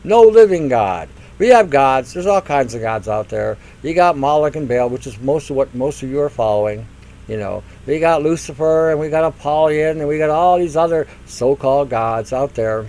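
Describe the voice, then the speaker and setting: A man's voice: fairly high pitch, animated, normal speed, warm tone, low-quality recording. An older man hosting a radio talk show, ranting in a mocking monologue and acting out silly voices. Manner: mocking, acts out silly voices, laughs at own jokes.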